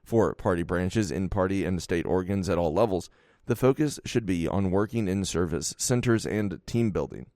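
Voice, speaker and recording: A man narrating a nonfiction audiobook in a steady, measured reading voice. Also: deep voice, dry recording, clean studio sound.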